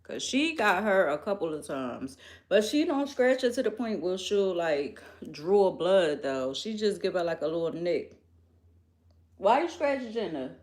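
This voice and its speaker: A woman's voice: lowish voice, very animated, a little slow. A young woman chats loosely on a live stream, speaking right to her viewers. She takes her time and lets her thoughts wander from one to the next, rambling in no hurry. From Philadelphia, US. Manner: chatty, rambling, talks straight to viewers. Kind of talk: casual live-stream chat.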